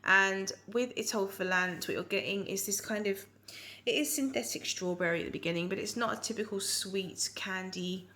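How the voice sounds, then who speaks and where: A woman's voice: mid-range voice, moderate pace, sharp tone. A woman with a Surrey accent chatting casually through a perfume review, rambling with frequent ums and restarts. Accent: Surrey English. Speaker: fragrance reviewer.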